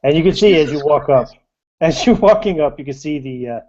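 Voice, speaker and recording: A man narrating a tabletop game as game master, in a laid-back, halting way with frequent chuckles. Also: fairly high pitch, lively intonation, darkish tone. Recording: slightly muffled.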